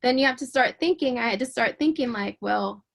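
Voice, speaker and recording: A woman guest in an interview giving a personal faith testimony. She speaks with emotion and earnestness, often halting, repeating words and restarting her sentences. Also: a little high, gravelly, fairly bright tone. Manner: fervent and earnest.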